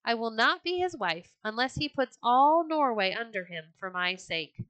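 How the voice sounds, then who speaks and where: A woman's voice: fairly high pitch, sing-song, moderate pace, a bit bright, smooth, dry recording. A woman voicing a proud young Viking princess who speaks in a haughty, scornful way.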